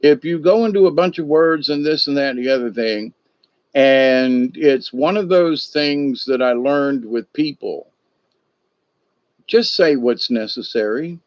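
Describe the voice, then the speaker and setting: A man's voice: mid-range voice, measured pace, dry recording. An older man hosting a livestream, telling a story in a folksy, meandering way with many asides. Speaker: livestream host. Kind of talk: rambling storytelling chat. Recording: dull dry lo-fi sound.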